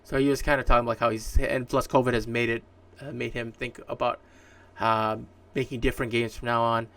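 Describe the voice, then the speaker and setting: Rambling gravelly man on gaming news. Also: medium pitch, flat delivery, a little fast, fairly bright tone. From Canada. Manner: rambling, many fillers and restarts. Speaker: podcast host. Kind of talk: casual solo gaming news commentary. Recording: distant mic, dry room.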